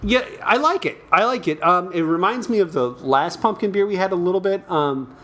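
Middle-aged guy cohosting a sports podcast, bright voice, swings up and down a lot, jokey. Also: high voice, a little fast. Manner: animated, jokey, mocking outbursts. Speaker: podcast co-host. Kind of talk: casual sports and beer chat.

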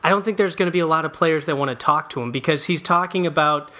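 A man's voice: fairly high pitch, quick pace, bright, forceful tone. A man co-hosting a casual sports and beer podcast, easygoing with wry commentary. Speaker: podcast co-host.

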